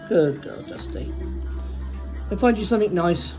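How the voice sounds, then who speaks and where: A woman chatting at home to her pet parrot, coaxing and doting in gentle baby talk. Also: mid-range voice, lively intonation, moderate pace, faint music behind, rough recording. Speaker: pet owner. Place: at home, indoors.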